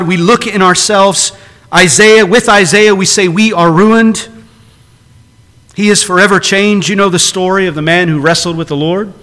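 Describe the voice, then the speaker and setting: A man's voice: high-pitched, bright, forceful tone. A man preaching a sermon to a congregation, earnest and emphatic, driving his points home with repeated phrases. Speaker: pastor. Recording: long reverb of a large hall.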